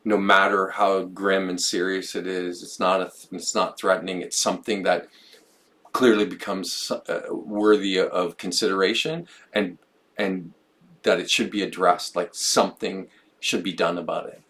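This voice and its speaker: Low-voiced man musing on a podcast. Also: steady tone, normal speed, fairly bright tone. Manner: musing, stumbles and repeats words. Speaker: podcast co-host. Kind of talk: reflective conversational podcast talk.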